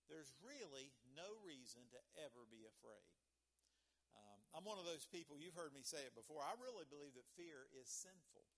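A man's voice: fairly high pitch, lively intonation, normal speed, a bit bright. A man preaching a sermon as pastor, talking in a conversational way and often restarting his sentences.

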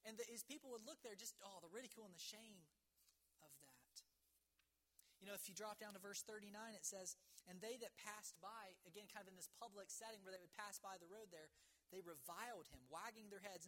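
A woman preaching an evening sermon, earnest, reading scripture slowly and dramatically. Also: mid-range voice, fairly bright tone.

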